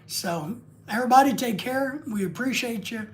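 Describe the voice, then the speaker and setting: A man's voice: high-pitched, animated, measured pace. A man hosting a live stream, rambling and joking casually with crude asides.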